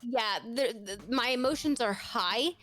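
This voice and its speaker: A woman's voice: on the high side, unhurried, fairly bright tone. A young woman from Texas with a slight Texan accent, chatting casually and at length as a podcast guest, rambling and self-deprecating. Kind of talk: casual chat.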